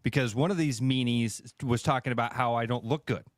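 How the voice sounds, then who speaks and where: A man co-hosting a radio show, telling a story in an animated, playfully mock-emotional way. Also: medium pitch, a little fast, dry recording.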